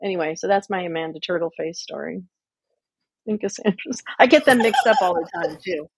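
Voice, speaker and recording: A woman hosting a livestream, talking in blunt, profane casual chat and telling stories with animated energy. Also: fairly low pitch, normal speed, husky, no echo. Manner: blunt, sweary, animated storytelling. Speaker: livestream host. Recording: muffled lo-fi audio.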